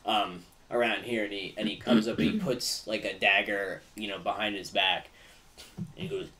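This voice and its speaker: Man narrating a game, lowish, rambly. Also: steady tone, normal speed, pushed and bright, far from the mic. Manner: rambling, many fillers like "like" and "kinda". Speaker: game master.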